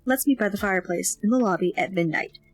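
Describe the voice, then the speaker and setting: A daring teenage boy, read by a woman narrator coaxes a friend in a playful, conspiratorial tone. His voice sits at a middling pitch and comes out bright and slightly raised. Faint music hangs under the audiobook reading. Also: fast, no echo, close to an everyday voice. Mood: playful, coaxing. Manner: coaxing, playful.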